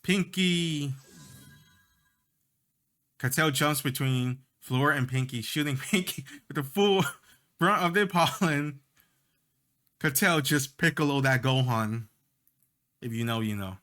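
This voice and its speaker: Young man, let's play host, bright voice, casual commentary, jokey asides. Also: medium pitch, measured pace. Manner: jokey asides between read lines.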